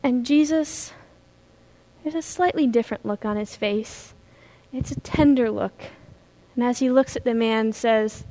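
A woman pastor preaching a sermon, retelling a story in a lively storytelling way. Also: a little high, unhurried. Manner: animated storytelling, acting out scenes.

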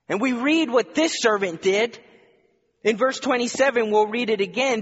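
A man's voice: very high voice, moderate pace. A male pastor preaching a sermon in church, earnest, with rhetorical questions and repetition. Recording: dull recording in a reverberant hall.

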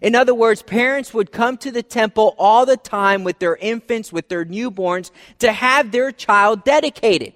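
Male pastor, high voice, conversational sermon, soft low asides, long hall reverb. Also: normal speed, hardly any pauses. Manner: conversational preaching, dropping soft and low for emphasis.

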